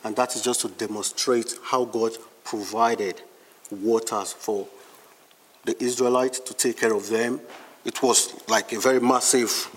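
Slow, deliberate preacher man in a reverberant hall. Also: mid-range voice, fairly even intonation, breathy edge. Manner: slow, deliberate delivery with emphatic scripture readings. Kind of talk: sermon.

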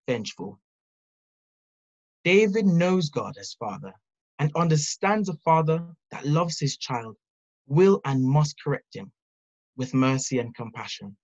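A speaker giving an earnest, measured devotional Bible teaching, reading scripture and reflecting on it. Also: mid-range voice, dull audio. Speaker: preacher.

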